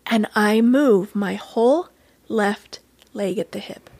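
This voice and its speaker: A woman guest telling a personal story in an interview, earnest and animated, acting out quoted dialogue as she goes. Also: medium pitch, slow pace, breathy edge, dry recording.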